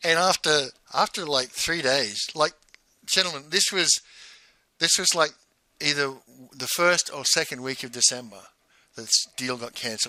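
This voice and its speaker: A man's voice: a little high, moderate pace, sharp tone, dry recording, low-quality recording. A man, a former salesman, telling his own story frankly, with bursts of indignation. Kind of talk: candid personal storytelling.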